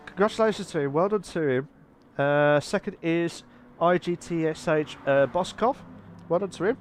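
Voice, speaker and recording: High-voiced excitable male race commentator. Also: a little fast, slight background noise. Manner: excitable, rambling, self-correcting. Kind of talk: live sim racing commentary.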